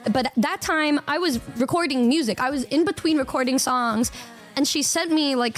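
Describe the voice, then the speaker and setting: A young woman streamer chatting to her viewers, rambling and excitable, with a lot of stammered restarts. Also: high voice. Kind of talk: casual stream chat.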